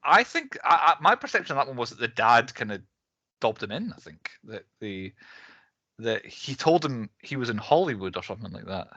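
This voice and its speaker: A man co-hosts a relaxed podcast about films, chatting loosely and breaking into laughter between points. His voice is bright and forward, and it sounds dry and close, with no room around it. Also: medium pitch, a little fast, dry recording, lo-fi sound. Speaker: podcast co-host. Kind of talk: casual film chat.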